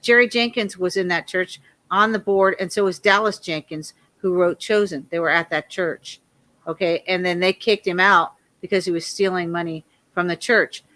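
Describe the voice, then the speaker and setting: A woman in her fifties, a guest telling a long rambling story in a loud, animated way and laughing often. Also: on the low side, moderate pace.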